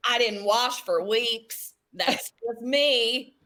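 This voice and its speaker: A woman voicing a grimy, hunchbacked backwoods woman in a low, drawling put-on accent, blunt and lustful. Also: drawn-out words, pushed and bright, exaggerated voice.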